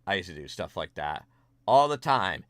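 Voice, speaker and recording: A young man streaming from home, chatting casually with viewers while drawing, swinging between quiet mumbles and loud excited greetings. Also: deep voice, normal speed, no echo.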